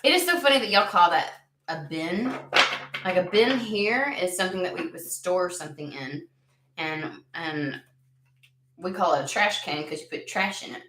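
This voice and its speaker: A woman's voice: fairly low pitch, normal speed, heavy background noise. A woman from the United States, reading tarot and chatting casually, easily sidetracked, swearing now and then. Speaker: tarot reader. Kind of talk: rambling casual chat. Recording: echoey room.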